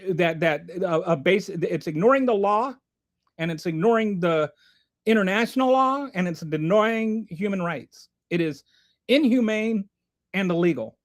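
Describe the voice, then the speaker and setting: A man with a fairly high voice talks through a casual livestream, reading chat messages aloud and commenting on them. His delivery rambles, with frequent restarts and asides, and it stays animated throughout. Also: a little slow.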